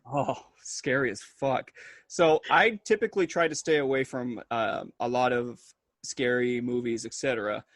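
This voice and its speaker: A man co-hosting a podcast, chatting casually and telling animated stories with plenty of swearing. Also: medium pitch, moderate pace, no echo, clean studio sound. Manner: swears freely, animated storytelling. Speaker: podcast co-host. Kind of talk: casual chat.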